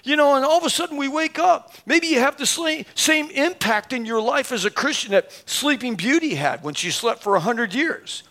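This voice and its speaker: A man in his fifties preaching a sermon, telling a story with lively acted-out dialogue and laughing at himself. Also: extremely high pitch, moderate pace, few pauses. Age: 50s. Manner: animated, acts out both sides of dialogue, laughs at himself.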